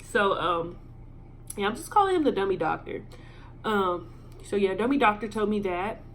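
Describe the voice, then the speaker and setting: A young woman telling an emotional personal story in a vlog, with lots of ums and pauses. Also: medium pitch, expressive, noisy background. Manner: halting and filler-heavy, emotional. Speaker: vlogger.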